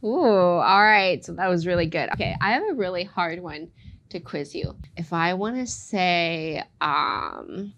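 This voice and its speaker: A woman teaching Mandarin tones in a podcast lesson, playful and quick to laugh, saying phrases slowly for practice. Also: fairly low pitch, a bit bright, muffled recording, a little hiss or hum.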